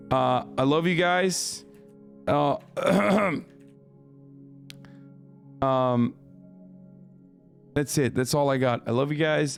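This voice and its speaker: A hoarse male streamer talks at a middle pitch into his desk mic. He sounds frustrated and swears a lot, stumbling over and restarting his words as he chats casually with viewers, with faint music low behind him. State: hoarse from screaming. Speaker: live streamer. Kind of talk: casual gaming stream chat.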